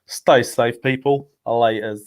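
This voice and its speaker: A man's voice: mid-range voice, fairly even intonation, slow. A man co-hosting a casual banter show, joking and repeating himself. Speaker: co-host.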